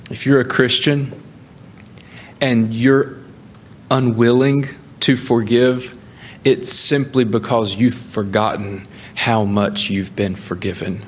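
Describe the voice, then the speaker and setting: A male pastor delivers a sermon in an ordinary, medium-pitched voice. He builds his points with emphatic rises, pushing his voice upward on the questions, then drops lower to read and explain the scripture. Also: takes it slowly, slight background noise. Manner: animated preaching with rising emphatic peaks.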